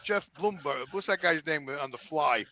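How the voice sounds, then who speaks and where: A man's voice: fairly high pitch, expressive, moderate pace, sharp tone. A man telling a rambling story on a podcast, repeating words and acting out the people in it.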